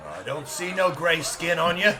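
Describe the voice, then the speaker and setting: A man doing a loud, high-voiced village guard. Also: very animated, moderate pace, background noise. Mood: suspicious. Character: gruff small-town male village guard.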